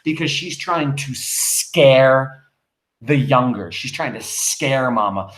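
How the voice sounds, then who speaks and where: A male teacher reading a play aloud and breaking it down for students, emphatic and animated, full of rhetorical questions. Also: mid-range voice, slow, reverberant, rough recording.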